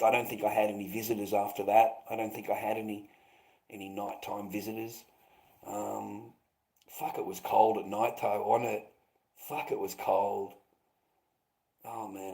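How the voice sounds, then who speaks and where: A man's voice: fairly low pitch, mellow, poor audio. A man chatting to his livestream viewers, rambling and swearing, calling them mate and bro. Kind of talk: casual livestream chat.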